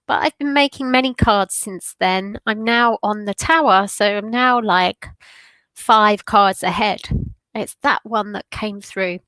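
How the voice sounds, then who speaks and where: A woman's voice: medium pitch, unhurried, bright, forceful tone, no room sound. Emotional woman giving a tarot reading. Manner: emotional, rambling, with fillers. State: sniffly with a runny nose. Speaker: tarot reader hosting a weekly meditation. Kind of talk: casual spiritual talk.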